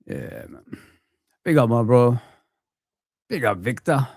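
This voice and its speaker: His mid-range voice is gravelly, husky and darkish, swinging hugely in pitch as this man in his thirties or forties rants slowly on a live football watch-along. He swears and leans on "man" a lot, recorded in studio quality without room sound.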